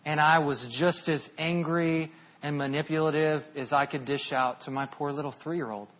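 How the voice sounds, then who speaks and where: A man's voice: fairly even intonation, normal speed. A man in his thirties preaching a sermon, telling a personal story in an earnest, confessional way. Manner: earnest, confessional, swells louder and higher at emotional peaks. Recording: dull lo-fi sound.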